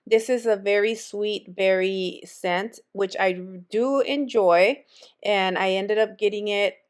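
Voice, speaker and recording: A woman's voice: mid-range voice, slow pace. A woman vlogger chatting casually with viewers as she walks through a shop and shows them what's on the shelves. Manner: chatty, friendly, addresses viewers as friends. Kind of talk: casual store walk-through chat. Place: retail store.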